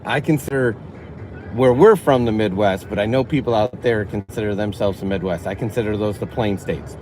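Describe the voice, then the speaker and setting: A man's voice: on the low side, moderate pace, a little mellow, low-quality recording. Chatty man livestreaming from a car. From northern Illinois. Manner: chatty, reads and answers chat. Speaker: livestream host. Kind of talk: casual livestream chat while driving. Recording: car road noise behind.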